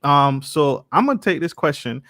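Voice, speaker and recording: A man's voice: a little high, expressive, moderate pace, a bit bright, no room sound, clean studio sound. A man hosting a podcast, who recaps the guest's points and speaks to the listeners directly, often repeating words. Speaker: podcast host.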